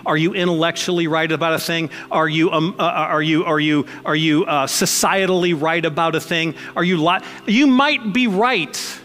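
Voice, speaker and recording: High-voiced joking pastor preaching in a hall. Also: male voice, normal speed, few pauses, fairly bright tone, slight background noise. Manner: conversational, joking, emphatic. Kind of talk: sermon.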